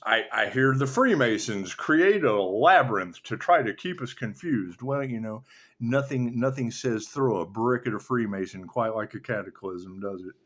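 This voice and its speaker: A man's voice: mid-range voice, lively intonation, moderate pace, a bit bright. A man who reads tarot, ranting in a casual, sardonic and profane way that rambles from one thought to the next. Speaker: tarot reader. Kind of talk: casual spiritual rant.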